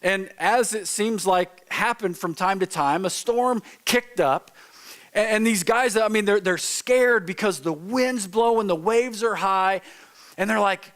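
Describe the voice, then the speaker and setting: Male pastor, light high voice, informal sermon that acts out its stories. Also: takes it slowly, fairly bright tone. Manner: informal, storytelling, acts out quotes. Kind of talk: conversational sermon. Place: church sanctuary.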